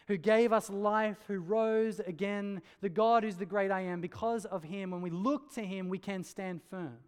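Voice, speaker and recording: Guy with a high voice giving an earnest sermon, lots of echo from the hall. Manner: earnest, emphatic preaching that drops low and quiet on key lines. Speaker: pastor. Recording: hall reverb.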